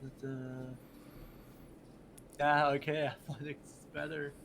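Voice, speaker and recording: A man's voice: fairly high pitch, flat delivery, slow pace, a bit bright, slight background noise, poor audio. A man playing a tabletop game, chatting in a rambling way full of "like". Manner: rambling, full of likes and laughs. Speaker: player. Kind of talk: casual chat while playing a tabletop game.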